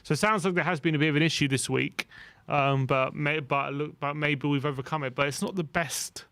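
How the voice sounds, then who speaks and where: Smooth-voiced male co-host, dry sound. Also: a little high, steady tone, brisk, sharp tone, dry recording. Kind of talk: casual fan chat.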